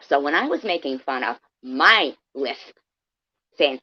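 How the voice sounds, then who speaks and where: Low-voiced, combative woman in her fifties. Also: big pitch swings, unhurried, pauses often, slightly rough, muffled recording. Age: 50s. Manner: sarcastic, combative, addresses viewers by name. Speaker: live streamer. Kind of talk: confrontational livestream rant.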